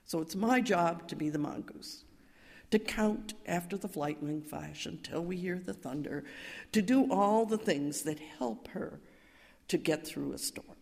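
An older woman minister telling a story in a sermon, calm and measured, rising to emphatic cries. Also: on the low side, creaky. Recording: reverberant hall.

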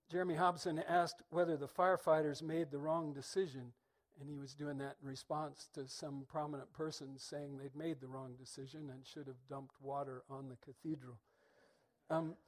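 A middle-aged man with a somewhat high voice preaches a reflective sermon. He speaks thoughtfully and in measured phrases, letting pauses sit between his words.

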